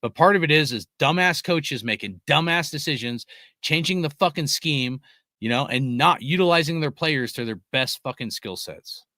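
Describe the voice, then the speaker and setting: A young man with a fairly high, bright, expressive voice hosts a live sports podcast at a normal pace, ranting heatedly and forcefully while reading chat messages aloud. He swears constantly in this profane, casual rant. The studio recording is clean and dry.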